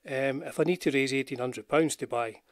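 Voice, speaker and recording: An older guitar channel host with a Scottish accent, speaking at normal speed with a medium pitch, rambles on about guitars in a relaxed live-stream chat. He's self-deprecating and greets viewers in the chat. Wearing headphones with a desk mic, he's recorded in clean studio sound without echo.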